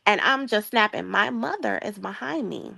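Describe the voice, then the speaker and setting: A young adult woman from the Chicago area, a guest telling a long story in a casual chat, lively and acting out the voices of the people in it. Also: medium pitch, normal speed, creaky, slightly rough. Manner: lively, acts out quoted voices, laughs often.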